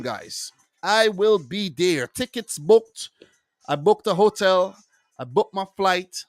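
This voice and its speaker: A man hosts his own football review channel in a loose, chatty way, wandering into asides and shouting out his viewers. His voice sits a little high and comes through smooth and resonant. The sound is close and dry. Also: animated, slow pace, no room sound. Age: adult with wife and three kids. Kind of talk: casual solo football review.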